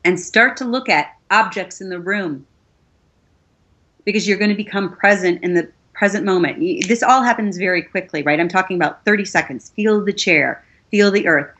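A woman's voice: lowish voice, fairly quick, a bit bright. A middle-aged woman, a voiceover artist, earnestly giving step-by-step advice in a casual conversation. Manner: earnest, coaching, gives step-by-step instructions.

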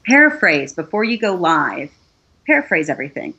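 A woman's voice: lowish voice, very animated, normal speed, sharp tone, slightly rough, highs cut off. A middle-aged woman, a voiceover artist, earnestly giving step-by-step advice in a casual conversation. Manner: earnest, coaching, gives step-by-step instructions.

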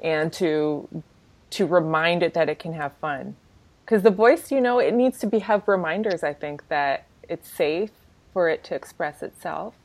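A woman's voice: sits low, animated, unhurried, darkish tone. A woman hosting an interview, speaking reflectively and laughing often in a casual chat. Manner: reflective, laughs often, many you-knows. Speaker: host and interviewer.

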